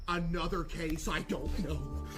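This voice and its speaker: A man streams a game with a fairly high voice, trash-talking and cracking jokes. He suddenly breaks into loud yells. Clear game music plays behind him. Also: measured pace. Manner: loud, excitable, jokey trash talk with sudden yelling. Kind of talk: live gameplay commentary.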